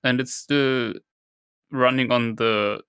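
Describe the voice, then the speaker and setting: A man's voice: mid-range voice, fairly even intonation, takes it slowly, fairly bright tone, clean tone, dry recording, clean studio sound. A man co-hosting a podcast, friendly and thoughtful in casual chat. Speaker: podcast co-host.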